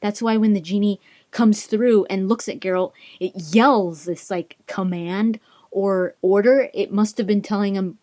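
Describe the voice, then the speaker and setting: A woman's voice: medium pitch, measured pace. A woman casually retelling a fantasy book, mixing chatty summary with read passages and acting out the characters' lines. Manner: animated, acts out characters' lines. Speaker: book recap vlogger.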